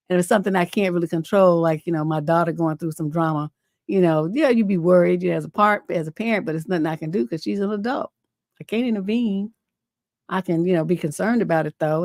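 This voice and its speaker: A middle-aged woman with a lowish voice chats casually on her advice livestream, blunt and cussing freely. She rambles with lots of fillers as she tells stories and reads viewer letters. The sound is close and dry, with no room echo. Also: a little mellow. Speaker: relationship coach and livestream host.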